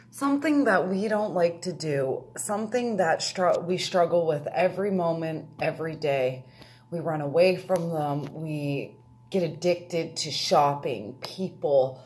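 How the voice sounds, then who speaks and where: A woman's voice: lowish voice, dark tone. A woman giving an earnest, confessional personal talk about feeling your feelings. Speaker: speaker.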